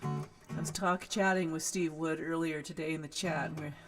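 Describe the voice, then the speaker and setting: A woman with a West Coast American accent, a folk singer hosting her live stream and chatting excitedly with viewers between songs. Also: sits low, moderate pace, over music. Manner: chatty, excitable, greets viewers warmly by name. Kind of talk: casual chat between songs.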